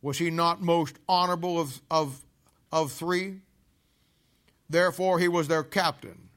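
A man preaching a sermon, telling a Bible story in a folksy, animated way with casual army slang. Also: on the high side, measured pace.

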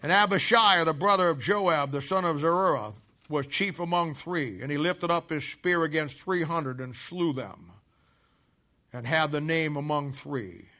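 A man preaching a sermon, telling a Bible story in a folksy, animated way with casual army slang. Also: a little high, measured pace.

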